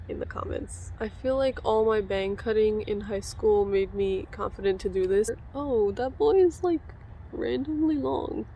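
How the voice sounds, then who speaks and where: A young woman chatting casually and excitably as she cuts her own hair in a home vlog, sprinkling in "like" often. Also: mid-range voice, slight background noise. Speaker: beauty vlogger. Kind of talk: casual tutorial chat.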